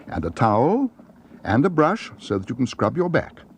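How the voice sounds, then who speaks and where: A man voicing an eager, excitable young girl in a storybook reading. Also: mid-range voice, normal speed, slight background noise, voice pushed up.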